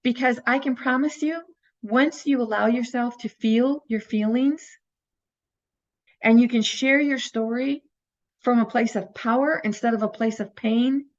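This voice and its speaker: A woman with a fairly high voice teaches a recorded inner-child healing course at a measured pace. She speaks earnestly, coaching her listeners through rhetorical questions. The recording's high frequencies are cut off.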